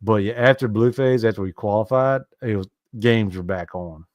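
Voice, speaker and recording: A man's voice: on the low side, darkish tone, no echo. A man chatting casually about army training, often stumbling and repeating words. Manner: halting, repeats words, quick asides. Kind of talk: casual chat.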